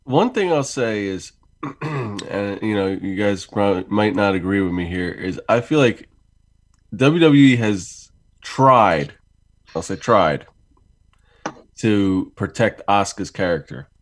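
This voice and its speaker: Low-pitched man, laid-back co-host, talks things through at length. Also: measured pace, no echo. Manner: easygoing, explains points at length. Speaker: podcast co-host. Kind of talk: casual chat.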